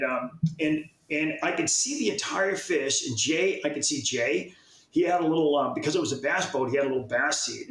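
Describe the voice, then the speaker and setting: A man's voice: mid-range voice, a bit bright, roomy sound, poor audio. A man, a fishing magazine publisher, telling a long story in casual chat, rambling along and restarting his sentences often. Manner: rambling, with many restarts and repeated words.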